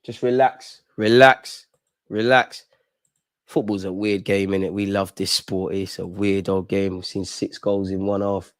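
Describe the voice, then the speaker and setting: A young man hosting a live football watch-along, animated and talking straight to the players and referee. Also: sits low, normal speed, few pauses, dry recording, clean studio sound.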